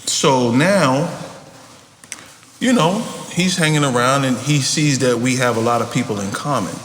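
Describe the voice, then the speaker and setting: A man telling a story in a casual podcast chat, animated and profane, acting out what people said. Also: mid-range voice, a little slow. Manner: animated, profane, acts out quotes. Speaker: podcast guest. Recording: roomy echo with background noise.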